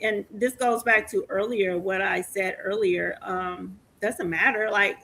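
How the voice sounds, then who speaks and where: A woman in her forties hosting a podcast, telling stories in an animated way and laughing often. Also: mid-range voice, a little slow, creaky, a little hiss or hum. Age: 40s. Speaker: podcast host. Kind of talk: casual interview chat.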